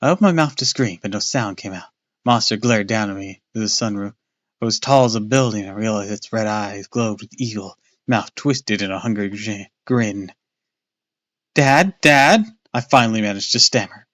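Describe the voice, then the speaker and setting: A man's voice: fairly low pitch, dry recording, lo-fi sound. A man casually reading a children's horror book aloud on a live stream, with small slips and restarts.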